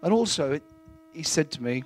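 A man giving a plain-spoken, earnest testimony in church, halting now and then with fillers. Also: fairly high pitch, lively intonation, darkish tone, slight background noise.

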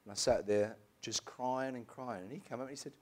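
A middle-aged man, telling his personal testimony in a church in an emotional, halting way with many restarts. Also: mid-range voice, a little mellow. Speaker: church member giving testimony.

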